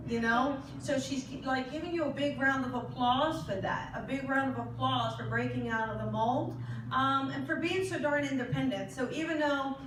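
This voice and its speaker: With a high, steady voice at a moderate pace, a medium leads a chatty live reading in a hall at a spiritual service, frequently laughing and posing questions to the audience. Background noise is present, and the sound is echoey and far off.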